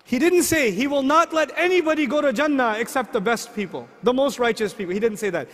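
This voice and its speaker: A middle-aged man preaching a sermon, asking the audience lively rhetorical questions. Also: very high voice, fast. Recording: long hall reverb.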